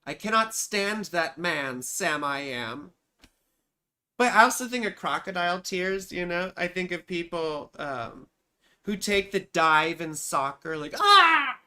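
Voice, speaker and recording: A woman's voice: fairly low pitch, expressive, unhurried, sharp tone. A woman astrologer hosting a live chart-reading stream, talking in a rambling, profane, self-mocking way. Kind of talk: casual livestream chat.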